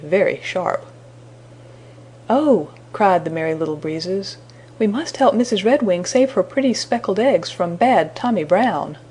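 A woman reading a children's storybook aloud in a gentle, measured way. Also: lowish voice, slightly rough. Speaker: storybook narrator.

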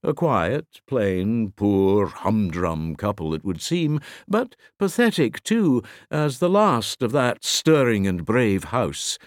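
A man voicing a curious, bookish male editor who grows excited and exclaims as he recalls old tales. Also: fairly low pitch, takes it slowly, hardly any pauses, no room sound, studio quality. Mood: recalling.

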